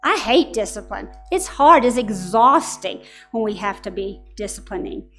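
A woman's voice: medium pitch, lively intonation, normal speed, a bit bright, faint music behind. A middle-aged woman preaching a sermon to parents, telling stories in an earnest, direct way.

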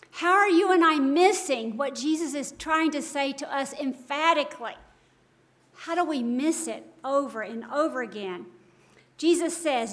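A woman's voice: high voice, measured pace. A woman giving a devotional Bible teaching, earnest and emphatic, full of rhetorical questions.

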